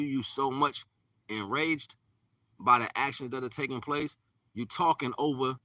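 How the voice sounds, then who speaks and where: Guy preaching spirit stuff on a livestream, repeats himself, goes real quiet sometimes, dry sound, sits back from the mic. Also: mid-range voice, dry recording, far from the mic. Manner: repetitive, preachy, drops to near-whisper. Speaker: spiritual teacher. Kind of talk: live-streamed spiritual talk.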